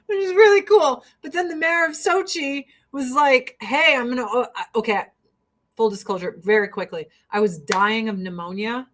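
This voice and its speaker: A woman from the United States chatting casually while getting ready, telling stories in a profane, animated way. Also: mid-range voice. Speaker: vlogger.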